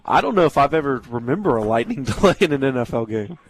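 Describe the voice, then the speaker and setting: A man's voice: medium pitch, sing-song, fast talker, no room sound. A man co-hosting a sports radio show, joking and teasing in casual banter.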